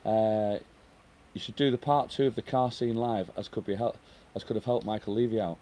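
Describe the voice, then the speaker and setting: A man's voice: lowish voice, normal speed, mellow. A middle-aged man hosting a casual live stream at home, chatting and reading out viewer comments.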